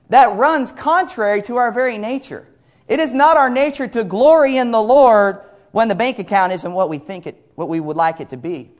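Middle-aged guy preaching, pretty high voice, earnest, quotes a lot of scripture. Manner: earnest, repeats phrases for emphasis, quotes scripture at length. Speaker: pastor. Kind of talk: sermon.

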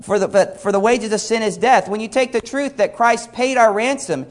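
A man's voice: high-pitched, moderate pace. A middle-aged man preaching a sermon, earnest and repeating phrases for emphasis while quoting scripture at length. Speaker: pastor.

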